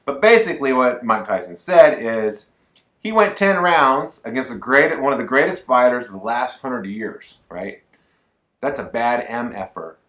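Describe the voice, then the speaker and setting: A man co-hosting a casual talk podcast, chatting in an animated, joking way. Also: medium pitch, echoey room. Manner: animated, jokey, quick asides. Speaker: podcast co-host. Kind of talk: casual chat.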